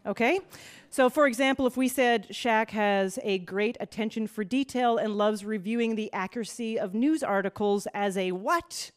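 A woman's voice: on the high side, moderate pace. A woman hosting a quiz show before a live audience, playful and laughing at her own puns. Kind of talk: upbeat game show hosting.

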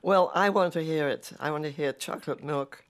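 A woman's voice: low-pitched, moderate pace. A woman hosting an interview, chatting casually and prompting her guest with friendly, encouraging questions. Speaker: interview host.

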